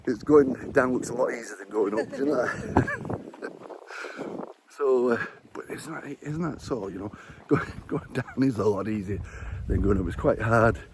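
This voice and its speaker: A man with a medium-pitched voice talks unhurriedly while vlogging outdoors on a stair climb, slightly out of breath. Amid a noisy background, he chats in a meandering way about faith and often chuckles.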